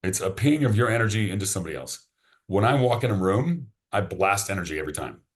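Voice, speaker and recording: A man's voice: lowish voice, animated, fast. A man, a podcast guest, chatting casually and enthusiastically, often restarting his sentences. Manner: enthusiastic, rambling, repeats words when starting sentences.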